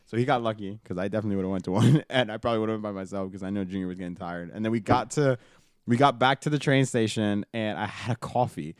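A man's voice: fairly low pitch, fairly even intonation, quick pace, no echo, clean studio sound. A young man recounting a night out in casual chat, rambling and restarting, with plenty of swearing. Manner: rambling, restarts often, profane.

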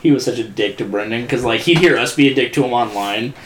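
A man's voice: mid-range voice, fast. A young man in casual chat, telling rowdy, laughing stories full of swearing. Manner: laughing, swearing storyteller who acts out his dad loudly. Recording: echoey room, faint noise.

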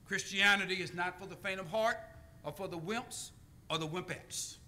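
Male preacher, high bright voice, storytelling sermon with call-and-response. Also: slight background noise. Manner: call-and-response, deliberate pauses.

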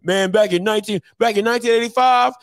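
A man imitating an older man who reminisces slowly and boastfully about football stars of decades past. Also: sits high, dry recording, studio quality, voice pushed up. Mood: nostalgic.

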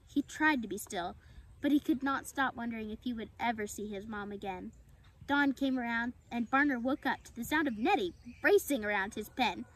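A woman reading a children's animal story aloud in a steady storytelling way. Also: a little high, moderate pace, rough recording. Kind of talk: storybook read-aloud narration.

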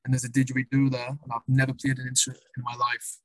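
A young man with a North East English accent tells rambling stories in a relaxed guest chat, swearing casually. His pitch stays flat and even as he talks. The recording is dry and close, with no room sound. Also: fast talker, dry recording, rough recording. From Sunderland, North East England. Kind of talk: casual conversation.

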